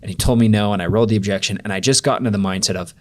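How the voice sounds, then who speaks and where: A man's voice: on the low side, very fast, a little mellow. A young man, a podcast guest, telling a personal story in a loose, rambling way full of "like" fillers. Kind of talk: storytelling in a casual interview.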